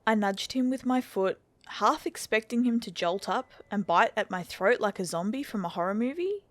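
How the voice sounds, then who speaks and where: Woman, horror story narrator, steady, measured, mid-pitched. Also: no room sound.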